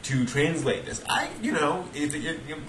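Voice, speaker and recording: Man, podcast co-host, halting chatty delivery, roomy echo, faint background rumble. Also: expressive, a bit bright. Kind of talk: casual chat.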